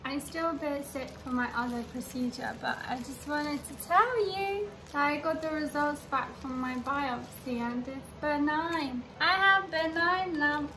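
A woman's voice: high voice, a little slow, few pauses, background noise. A young British woman talking openly and a little nervously in a casual video diary. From Britain. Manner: chatty and open, nervous. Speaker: vlogger.

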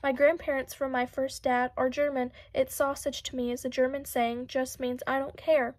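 A woman voicing a witty, dry-humored teenage girl detective with deadpan quips. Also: sits high, moderate pace, no room sound, natural voice. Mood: wry.

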